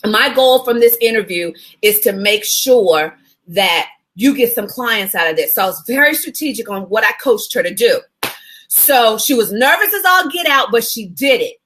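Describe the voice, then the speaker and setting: A woman's voice: a little high, lively intonation, normal speed, fairly bright tone. A woman media coach chatting casually to her viewers, greeting them by name as she tells a story. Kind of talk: casual live video chat. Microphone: phone.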